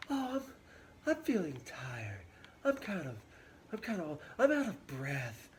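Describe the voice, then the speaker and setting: A man's voice: on the high side, wildly swooping pitch, slow, a little hiss or hum, voice pushed up, heavily acted. A man voicing a weary, teasing old woman nurse who sighs and draws out her words.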